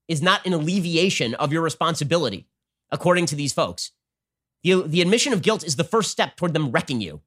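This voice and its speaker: Fast-talking, sarcastic male host. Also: on the high side, fairly bright tone. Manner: rapid-fire, sarcastic, combative. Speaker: show host. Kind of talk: political commentary.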